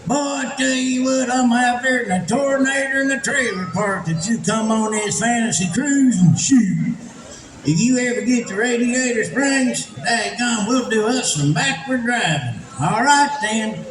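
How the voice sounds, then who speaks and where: A man's voice: very high voice, unhurried, distant mic. A man voicing a friendly, folksy male tow truck with a drawling hick twang. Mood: cheerful. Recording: echoey venue with background noise.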